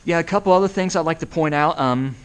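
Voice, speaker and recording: A man's voice: on the high side, quick pace. A young man giving a school talk about himself in a plain, matter-of-fact manner. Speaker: guest speaker. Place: school classroom.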